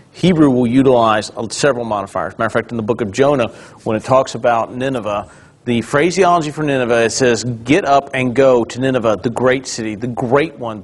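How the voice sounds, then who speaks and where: A pastor leads a Bible class in an easy, conversational manner. He explains a point, then turns to the room with questions, his voice sitting at an ordinary middle pitch. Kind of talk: conversational Bible study teaching.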